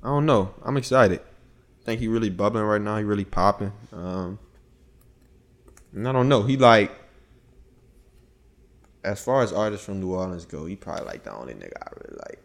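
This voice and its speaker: A man co-hosting a podcast in casual chat, thoughtful and relaxed, often hedging his views. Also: fairly low pitch, normal speed, long pauses. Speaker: podcast co-host.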